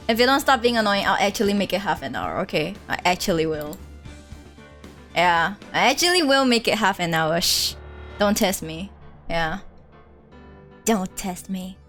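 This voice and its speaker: A woman's voice: on the high side, a bit bright. A woman streamer chatting casually and playfully with her live chat, teasing and giggling. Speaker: game streamer.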